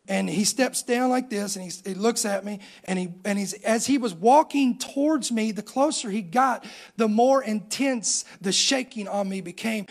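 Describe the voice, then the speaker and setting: A man's voice: high voice, vocal fry. A middle-aged man, preaching a sermon and telling his own story with rising emphasis. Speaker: pastor.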